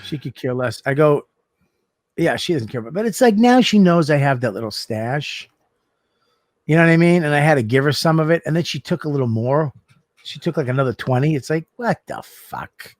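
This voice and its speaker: A man with a fairly high voice swings his pitch all over as he tells profane stories in loose podcast chat. The recording is dry and close, with no room echo. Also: brisk. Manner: animated, profane storytelling with mock voices. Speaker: podcast co-host. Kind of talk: casual chat.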